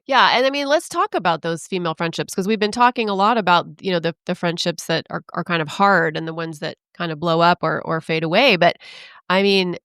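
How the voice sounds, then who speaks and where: A woman's voice: on the low side, a little fast, fairly bright tone, clear, resonant tone, dry recording, clean studio sound. A middle-aged woman co-hosting a podcast, affirming her partner with frequent "yeah"s and speaking about friendship in a heartfelt way. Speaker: podcast co-host. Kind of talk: casual chat.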